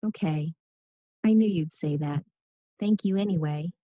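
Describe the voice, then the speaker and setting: A husky-voiced student asking for a favor. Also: female voice, lowish voice, a little slow, warm tone, no room sound, muffled recording. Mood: pleading. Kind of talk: textbook listening dialogue.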